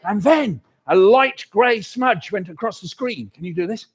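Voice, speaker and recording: Older storyteller, high and animated, playing to a crowd of children. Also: male voice, measured pace, a little hiss or hum. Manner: animated, leads audience call-and-response. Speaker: children's author performing. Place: hall at live awards event.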